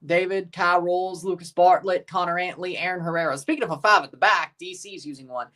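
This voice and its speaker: A man's voice: sits high, fairly even intonation, fairly quick, pushed and bright. A man hosting a casual soccer watchalong livestream, rambling, chuckling and repeating himself as he reads out lineups and chats. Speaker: livestream host reading chat.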